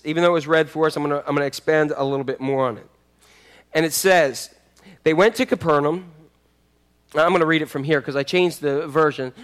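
Preaching as a pastor, a man with a fairly high voice delivers an animated sermon, acting out the voices of the people in his story.

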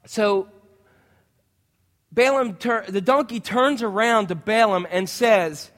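A male preacher delivers a sermon with animated storytelling, acting out voices as he goes. His voice sits high for a man, and the church hall adds a long, lingering reverb. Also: slow, pauses often. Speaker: pastor.

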